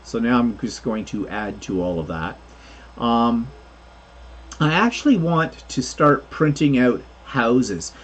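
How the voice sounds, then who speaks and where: A man's voice: medium pitch, expressive, takes it slowly, husky. A man co-hosting a casual crafting livestream, rambling through explanations of his 3D printing projects with plenty of fillers.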